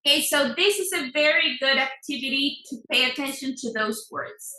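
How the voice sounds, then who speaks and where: A woman teaching an English class, modelling word stress by repeating words slowly. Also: high-pitched, pushed and bright, echoey room, rough recording. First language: Spanish. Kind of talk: online class lesson.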